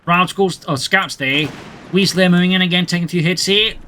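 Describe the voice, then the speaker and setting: Man, game commentator, high voice, bright tone, brisk play-by-play, dry humor. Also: slight background noise. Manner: brisk running narration with dry jokey asides. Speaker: match commentator.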